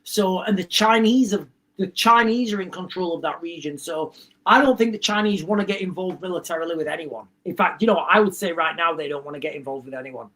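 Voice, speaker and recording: Brief: male livestream host, casual chat reading viewer comments, blunt and rambling, voice on the high side. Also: brisk, a bit bright.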